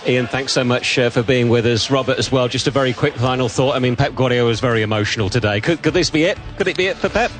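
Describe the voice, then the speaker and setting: A man presenting a live sports broadcast, wrapping up the day and putting questions to pundits in a brisk, conversational way. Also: medium pitch, faint music behind.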